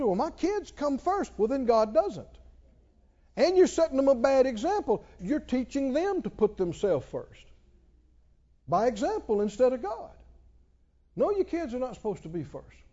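A middle-aged man preaching with a high, swinging voice that climbs into loud, emphatic exclamations. His tone is mellow and a little dark. The recording sounds dull and muffled. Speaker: pastor. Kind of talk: sermon.

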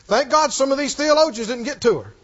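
A man preaching a sermon, telling the story with animated delivery, acting out quoted lines and chuckling often. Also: extremely high pitch, brisk, muffled recording.

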